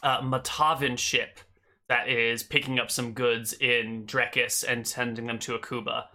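A man's voice: mid-range voice, measured pace. A man running a tabletop role-playing game as game master, narrating casually with frequent hesitations. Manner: relaxed, hesitant with fillers.

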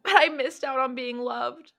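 A woman voices a weary woman monster hunter in a tabletop game, full of old regrets. She talks in halting, hesitant starts, and her voice has a bright, tense edge. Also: on the low side, fairly even intonation, faint music behind. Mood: wistful.

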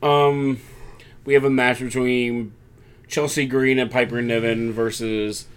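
A man casually recapping a wrestling show on a podcast, often acting out quick mock quotes of the wrestlers. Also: mid-range voice, level tone, smooth. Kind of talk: casual chat.

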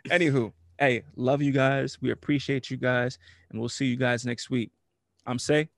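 A man co-hosting a casual podcast, his voice sitting in a middle range. He talks in loose, slangy banter and is quick to crack up. The sound is dry and close, with no room around it. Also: mid-range voice, flat delivery, gravelly, no echo. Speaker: podcast co-host. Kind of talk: casual chat.

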